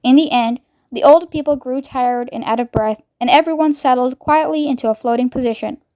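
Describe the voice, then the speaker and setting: High-voiced woman reading a children's book. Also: brisk, no room sound, studio quality. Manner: lively, expressive. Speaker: reader. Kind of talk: children's book read-aloud.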